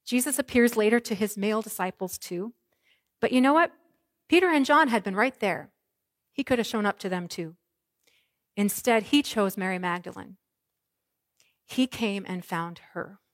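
A woman's voice: medium pitch, lively intonation, moderate pace, pauses often, no room sound, studio quality. Woman preaching with dramatic swings. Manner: dramatic, varied delivery with soft hushed lines and ringing proclamations. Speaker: pastor. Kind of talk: sermon.

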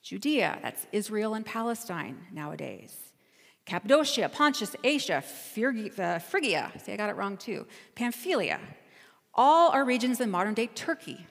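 A woman's voice: mid-range voice, sing-song, moderate pace, gravelly, long reverb tail. A woman pastor giving a sermon, telling a travel story in a conversational, storytelling way. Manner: storytelling, conversational, self-correcting.

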